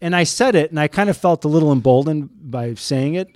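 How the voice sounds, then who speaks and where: Guy telling a story, fired up and emphatic, lively pitch, dry studio sound. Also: a little fast, no room sound. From Chicago South Side. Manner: animated, emphatic, indignant storyteller. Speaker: guest, TV news cameraman. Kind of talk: storytelling anecdote in an interview.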